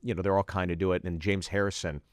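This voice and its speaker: A middle-aged man from the Pittsburgh area, a guest comedian telling animated stories in a casual podcast chat. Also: sits low, quick pace, dry recording. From Pittsburgh area, USA. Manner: animated anecdotes with laughter.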